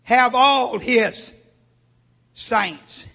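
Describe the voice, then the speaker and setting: A man preaching a fervent sermon, swinging from hushed talk to shouting. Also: very high-pitched, drawn-out words. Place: church sanctuary. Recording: long church reverb.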